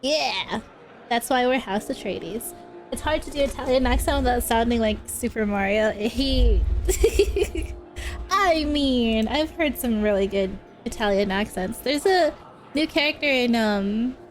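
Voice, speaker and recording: A woman's voice: a little high, a little slow, soft background music. A young adult woman streaming a game, chatting casually and joking between lines. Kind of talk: casual gameplay commentary.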